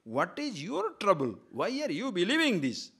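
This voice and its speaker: A man's voice: sits high, wildly swooping pitch, normal speed, gravelly, fairly bright tone, husky. A man, a spiritual teacher giving an emphatic discourse on scripture and posing frequent rhetorical questions.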